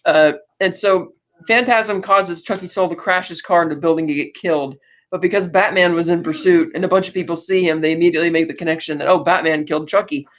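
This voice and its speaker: Slightly high-voiced man retelling a movie plot on a podcast, loose and rambling with fillers and restarts, dropping into quick character voices. The audio is dull and lo-fi. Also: fairly even intonation, a bit bright. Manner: acts out character quotes. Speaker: podcast host. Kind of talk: casual film recap.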